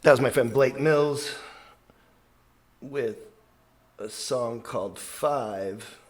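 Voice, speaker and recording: A man's voice: mid-range voice, drawn-out words, a little hiss or hum. A man hosting a radio show, telling a long story in a casual, meandering monologue full of fillers.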